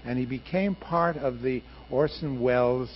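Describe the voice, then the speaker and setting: A man's voice: mid-range voice, unhurried. An older man, a radio producer, telling stories emphatically in an interview. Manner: emphatic, passionate storyteller. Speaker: radio producer and director, guest. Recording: muffled archival radio interview with faint hiss.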